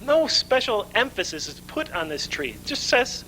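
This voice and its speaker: A male lecturer with a high, bright, forceful voice, who poses questions to his audience and answers them himself. His delivery is lively and builds through emphatic lists. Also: moderate pace, a little hiss or hum, rough recording. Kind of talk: conference lecture.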